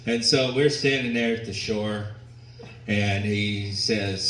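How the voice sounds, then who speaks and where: A man doing a stand-up set, telling stories slowly and deliberately, pausing for the crowd's laughter. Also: fairly low pitch, fairly even intonation, a bit bright. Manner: slow, deliberate storytelling with pauses for audience laughter. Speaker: stand-up comedian. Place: comedy venue with a live audience. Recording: echoey room recorded from a distance, noisy. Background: audience laughter and room ambience.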